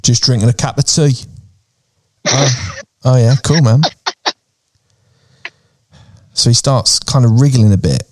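Sweary podcast host, dry close sound. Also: male voice, mid-range voice, moderate pace, no room sound. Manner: sweary, retells the story acting out voices. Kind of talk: casual storytelling chat.

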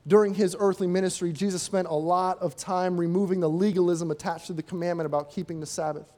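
A male preacher delivering a sermon in an easy, conversational way. He often asks rhetorical questions and slips into acted-out quotes. His voice sits high for a man. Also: fairly even intonation, fast talker, mellow.

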